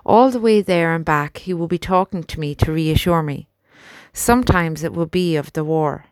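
A woman narrating an audiobook in a measured, expressive storytelling manner, on a close studio mic. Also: low-pitched, no room sound. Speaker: audiobook reader. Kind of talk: scripted narration.

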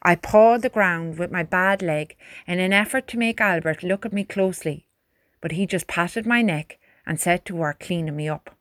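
A woman narrating a storybook in a calm, earnest way. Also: fairly low pitch, moderate pace, dry recording, studio quality. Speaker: audiobook narrator.

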